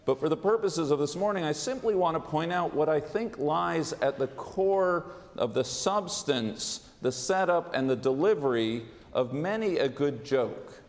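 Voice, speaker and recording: A man, a rabbi, giving a sermon in a measured, deliberate way with dry humor, in a large synagogue sanctuary on a pulpit microphone. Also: a little high, lively intonation. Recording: long reverb of a large sanctuary.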